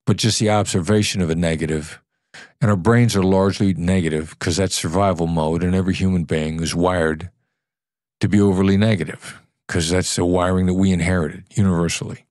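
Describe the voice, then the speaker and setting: A man's voice: low voice, steady tone, a little fast, a little mellow, dry recording, studio quality. A man, a former negotiator, explaining ideas in a conversational podcast interview, sometimes acting out different tones of voice. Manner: earnest and explanatory, acts out tones of voice to illustrate.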